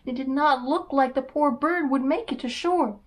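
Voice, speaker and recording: Woman reading a kids' picture book out loud, expressive, voice a bit on the high side. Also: normal speed, low-quality recording. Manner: expressive, storytelling cadence. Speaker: children's story reader. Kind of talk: storybook read-aloud.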